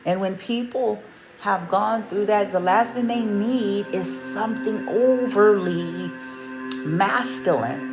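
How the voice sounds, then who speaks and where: A woman's voice: medium pitch, slow, low-quality recording. A woman telling a casual story as a vlogger and reiki practitioner, chatty and colloquial, laughing often and acting out the lines of the people she quotes. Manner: animated, laughing, colloquial, acts out quoted dialogue. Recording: music playing in the background.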